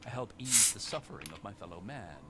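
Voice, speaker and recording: An actor playing a wasteland merchant who sells food, drinks and chemicals, talking in a slow, measured, sardonic way. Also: male voice, lowish voice, animated, bright, forceful tone. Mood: sly. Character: older male wasteland merchant, dry and mercenary.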